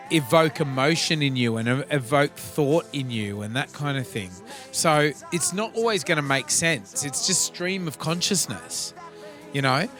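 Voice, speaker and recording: A man's voice: on the high side, fairly bright tone. An Australian man co-hosting a podcast, musing in a rambling, casual way full of fillers. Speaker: podcast co-host. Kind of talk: casual chat.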